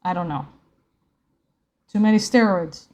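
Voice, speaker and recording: A woman's voice: on the low side, measured pace, darkish tone, lo-fi sound. A woman hosting a live reaction video, commenting on a comic with sarcastic, incredulous, rambling asides. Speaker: YouTube host.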